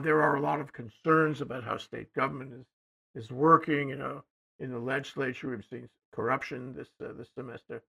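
An older man, co-hosting a casual political discussion, rambling and hesitant, often trailing off quietly. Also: medium pitch, gravelly, slightly rough. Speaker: co-host.

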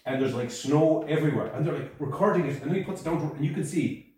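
A man co-hosting a podcast, telling stories in a loose, animated way with frequent laughs. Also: a little high, rapid-fire. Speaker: podcast co-host. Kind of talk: casual chat. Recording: echoey room, mic at a distance.

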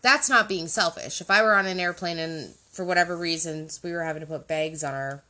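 A woman's voice: lowish voice, a little fast, pushed and bright. A woman chatting casually as a podcast co-host, explaining her points and often checking in with "right?". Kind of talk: casual conversational chat.

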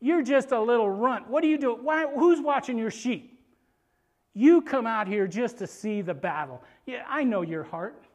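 A man's voice: sits high, animated, normal speed, hardly any pauses, husky. A male preacher acting out a scornful big older brother who scolds his younger sibling, in a sermon retelling. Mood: scolding.

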